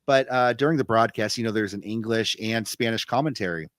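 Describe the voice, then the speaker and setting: A man's voice: fairly low pitch, a little fast, a bit bright, dry recording. A man co-hosting a wrestling podcast, telling stories in a loose, rambling way with lots of fillers and restarts. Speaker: podcast co-host. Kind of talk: casual wrestling recap chat.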